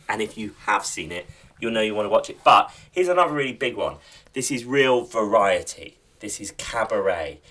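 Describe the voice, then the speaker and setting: A man's voice: lowish voice, a bit bright. A man hosting a podcast in casual chat, enthusiastically recommending shows. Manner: enthusiastic, plugging TV picks. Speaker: podcast host.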